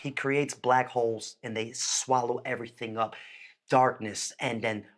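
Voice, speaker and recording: A man hosting a music reaction, talking in an excited, emotional way. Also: a little slow, heavy background noise. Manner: animated, emotional, jumps in pitch.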